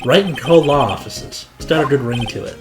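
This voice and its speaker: A man's voice: medium pitch, fairly quick, natural voice. Man reading as a flustered young lawyer. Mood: earnest. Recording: echoey room with music.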